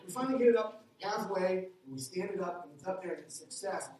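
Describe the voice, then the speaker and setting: A middle-aged man, a pastor, preaching a sermon with a lively personal story, his voice climbing when he gets excited. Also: fast talker, distant mic, a little hiss or hum. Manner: animated storytelling, jumps higher when excited. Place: church hall. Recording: echoey hall, heard from afar.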